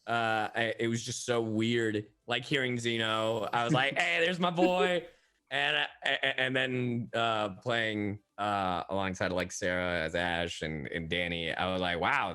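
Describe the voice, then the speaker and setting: A man's voice: lowish voice, bright, forceful tone, clear, resonant tone. A man, a voice actor on a panel, telling a story in casual chat with stammered restarts.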